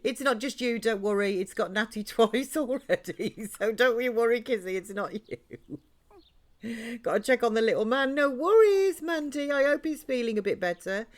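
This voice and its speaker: At a moderate pace and fairly high pitch, a woman talks her way through a live-streamed life-sim game. Chatty and rambling, she bounces between her viewers and the game's characters.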